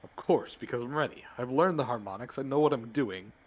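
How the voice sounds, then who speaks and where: A man's voice: mid-range voice, a little fast, close to an everyday voice, poor audio. A man playing a defiant, headstrong young woman. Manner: defiant, insistent.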